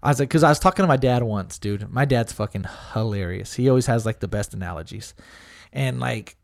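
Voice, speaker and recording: A man's voice: medium pitch, brisk, gravelly, darkish tone, no room sound, studio quality. Profane, chatty man telling a story. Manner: loose and profane, lots of fillers, quotes friends and family. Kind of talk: casual storytelling chat.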